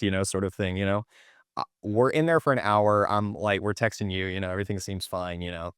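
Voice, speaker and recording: A man's voice: low voice, fairly quick, a bit bright, clear, resonant tone, no echo, studio quality. A young adult man, a podcast guest, telling a story in casual chat, acting out the quoted lines with lots of fillers.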